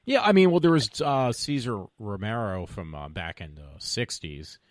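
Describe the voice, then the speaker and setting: Lively-voiced man, hesitant and dry. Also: lowish voice, moderate pace, no room sound. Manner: hesitant, trailing off with fillers. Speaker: guest. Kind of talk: casual chat.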